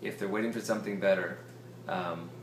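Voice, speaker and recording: A man's voice: sits low, fairly even intonation, fairly quick, echoey room, a little hiss or hum. A man giving a casual sales training talk, acting out example conversations with strangers. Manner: conversational, acts out example dialogue. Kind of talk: seminar talk on prospecting.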